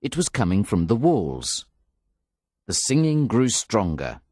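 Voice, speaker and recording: A man reading a story aloud in an expressive, measured narration. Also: fairly low pitch, slightly rough, dry recording, studio quality. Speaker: audiobook narrator. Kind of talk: scripted narration.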